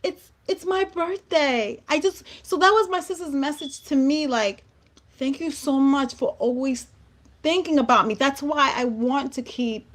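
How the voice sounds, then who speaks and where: A woman hosting a heartfelt talk show conversation, speaking earnestly and emphatically and often repeating words. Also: high voice. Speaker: host.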